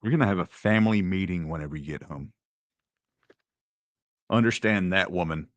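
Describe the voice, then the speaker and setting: A man's voice: deep voice, moderate pace, no room sound. A man hosting an online commentary show, talking in a sarcastic, mock-indignant way. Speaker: host. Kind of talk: casual commentary.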